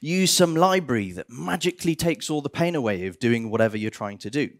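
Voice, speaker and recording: A man giving a conference talk on stage, animated, with bursts of theatrical mock despair. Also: mid-range voice, brisk. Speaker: conference speaker.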